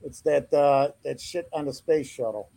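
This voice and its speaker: A man's voice: fairly high pitch, normal speed, vocal fry, mellow, low-quality recording. A man guesting on a sports podcast, joking around with crude banter. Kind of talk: casual sports podcast chat.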